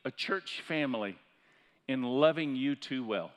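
A man's voice: medium pitch, lively intonation, measured pace. Pastor guy preaching, fired up in spots, echoey church hall. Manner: impassioned preaching, building to loud peaks. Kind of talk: sermon. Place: church sanctuary.

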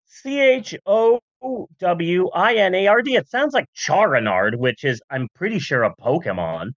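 A comedic podcast host rambling through a story at an unhurried pace, the pitch swinging up and down with every joke and aside. The voice sounds dry and close to the mic. The audio is a bit dull and lo-fi. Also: very animated, fairly bright tone, dry recording. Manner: rambling, jokey, full of asides and voice bits. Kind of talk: comedic history podcast chat.

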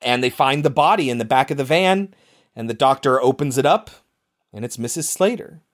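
This podcast host tells the story with lively energy, piling on details and dropping the odd curse word. It's relaxed banter between friends, delivered in an animated, chatty way. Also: mid-range voice, a little fast. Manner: animated storyteller, swears casually. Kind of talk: casual movie recap chat.

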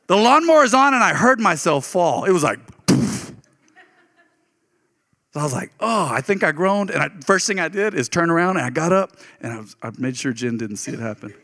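A man delivers a sermon laced with homespun storytelling, his voice high and bright. He gets animated and jumps upward when excited, and the room carries a long hall reverb behind him. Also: brisk. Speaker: pastor.

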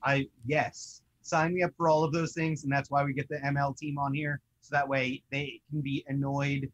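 A young man co-hosting a toy collecting show, chatting in an excitable, rambling way. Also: medium pitch, moderate pace, dull audio. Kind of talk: casual chat.

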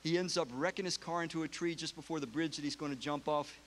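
A preacher giving a sermon, retelling a film story in an emotional, casual way. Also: male voice, a little high, fairly even intonation, quick pace, a little hiss or hum.

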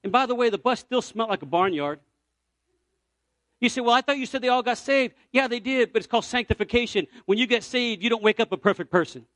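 Animated high-voiced male preacher. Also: fast, no echo. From Puerto Rico. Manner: animated storyteller, swings from loud cries to near-whispers. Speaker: evangelist preacher. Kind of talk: storytelling sermon.

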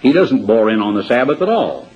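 A man's voice: mid-range voice, sing-song, brisk, breathy edge. A man preaching a sermon in a conversational way, reading aloud and adding asides and rhetorical questions. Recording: dull lo-fi sermon tape.

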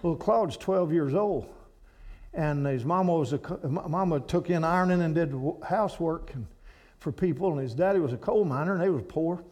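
High-voiced Kentucky man telling a folksy story. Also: normal speed, darkish tone. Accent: Kentucky Appalachian. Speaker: guest speaker at a church. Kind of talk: storytelling sermon.

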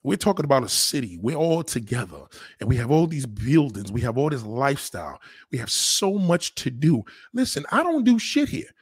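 A man's voice: mid-range voice, moderate pace, few pauses, husky, no echo, studio quality. A man with a New York accent, talking in a casual, profane monologue and mimicking other people. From New York City. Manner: animated, swearing, mimicking others.

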